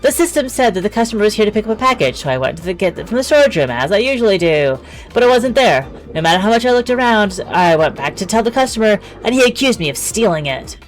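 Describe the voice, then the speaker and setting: A woman's voice: mid-range voice, sing-song, quick pace, soft background music, natural voice. A woman voicing a frightened young waitress who pleads her innocence in a shaky voice, reading aloud from a game. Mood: subdued.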